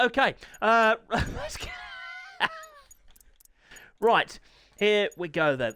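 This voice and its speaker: A man commentating a sim motorbike race live, excitable, jokey and self-mocking, his voice a little hoarse. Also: high voice, dry recording. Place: small home room called a commentary box.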